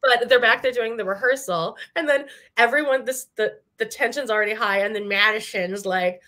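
A woman co-hosting a podcast, chatting casually and retelling scenes in a gossipy, animated way. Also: on the high side, moderate pace. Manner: gossipy, animated storyteller who mimics people. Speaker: podcast co-host. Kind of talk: casual recap chat.

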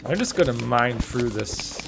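Easygoing young man, lively pitch. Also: a little slow, gravelly. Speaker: gamer. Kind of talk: casual let's-play chat. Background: game music.

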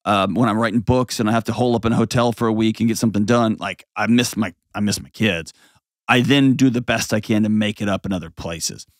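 A man's voice: on the low side, quick pace, no room sound, studio quality. A man hosting an advice show, talking bluntly and animatedly, slipping into mocking voices. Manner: blunt, animated, mimics voices mid-sentence. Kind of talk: casual advice talk.

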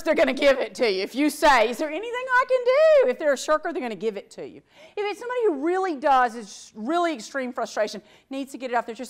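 A woman workplace trainer lecturing a class, acting out sample phrases as she goes. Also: fairly high pitch. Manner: animated, acts out sample phrases.

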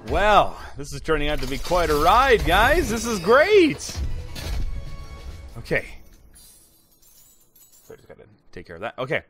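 A man giving excited, chatty commentary while opening game loot boxes, exclaiming loudly at good items and talking to his viewers. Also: on the high side, a little slow, long pauses, soft background music. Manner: chatty, addresses viewers as guys. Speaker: gaming YouTuber.

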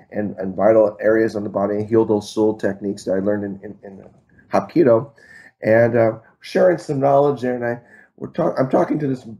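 Mellow-voiced man telling a rambling story. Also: medium pitch, gravelly. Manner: rambling, many fillers and restarts, self-deprecating humor. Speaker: martial arts instructor guest. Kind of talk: storytelling in an interview.

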